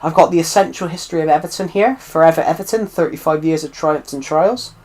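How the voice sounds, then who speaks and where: A man's voice: fairly high pitch, quick pace, darkish tone. A British man from the UK chatting casually on a live stream, rambling and circling back to repeat himself as he answers viewers' questions. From United Kingdom. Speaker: livestreamer answering chat.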